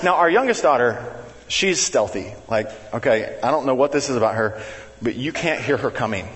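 A man preaching a sermon, telling family stories in a chatty, animated way and acting out his kids with sudden jumps in his voice. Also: moderate pace. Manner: animated, conversational, acts out family members with big pitch jumps. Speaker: pastor. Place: church sanctuary. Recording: long reverb of a large hall.

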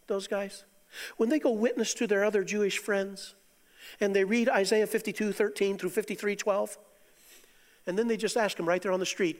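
Middle-aged male preacher, high-voiced, animated, loud bursts and soft asides, long hall reverb. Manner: animated, swings from loud exclamations to quiet asides, chuckles. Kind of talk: sermon.

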